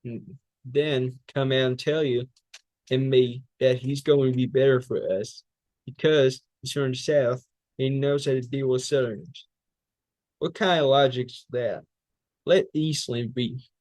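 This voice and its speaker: A man's voice: mid-range voice, a little mellow, no room sound. Man reciting a fiery political speech. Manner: fiery oratory with rhetorical questions and repetition. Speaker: public speaking student. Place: speech training class.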